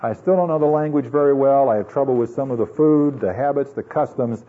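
A man's voice: medium pitch, a little fast. A man from the United States preaching an earnest, conversational sermon full of rhetorical questions, in a dull lo-fi recording. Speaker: pastor.

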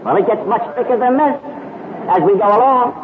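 Dramatic male preacher, higher voice, heard over a thin radio broadcast with a congregation behind. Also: expressive, a little fast. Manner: dramatic, acts out the characters' speech. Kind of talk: sermon storytelling. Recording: tinny phone-like radio broadcast with crowd noise.

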